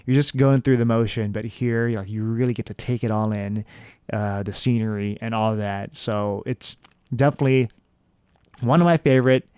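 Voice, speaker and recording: A man's voice: medium pitch, smooth, no echo, studio quality. A young man casually reviewing an immersive theater show, talking loosely with lots of fillers and restarts. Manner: relaxed, many fillers and restarts. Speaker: vlogger reviewing attractions.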